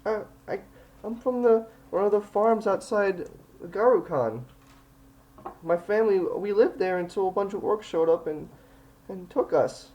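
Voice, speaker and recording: A man voicing a frightened little farm girl who speaks haltingly in a high voice. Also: darkish tone, poor audio. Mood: hesitant. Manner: halting, hesitant speech.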